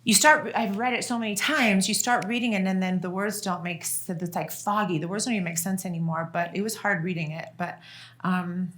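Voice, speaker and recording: A middle-aged woman tells family stories casually to a listening room. Her voice is bright and clear, and she laughs often and restarts her sentences. Her tone stays chatty and relaxed throughout. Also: mid-range voice, brisk. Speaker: author and guest speaker. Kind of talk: casual storytelling to an audience.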